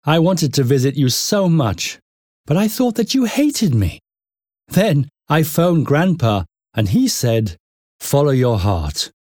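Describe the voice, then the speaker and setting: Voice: medium pitch, very animated, takes it slowly, a little mellow, no room sound, studio quality. A narrator voicing a loving father apologizing to his son in an audiobook. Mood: tender. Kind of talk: audiobook reading.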